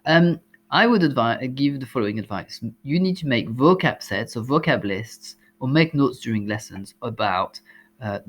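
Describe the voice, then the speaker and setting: A man with a French accent, a language teacher giving exam tips, explaining step by step with frequent ums and uhs. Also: medium pitch.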